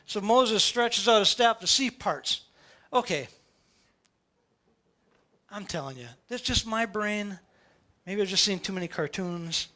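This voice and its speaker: A male pastor, preaching a sermon in church in an animated, playful way, often asking rhetorical questions. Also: sits high, measured pace, long pauses.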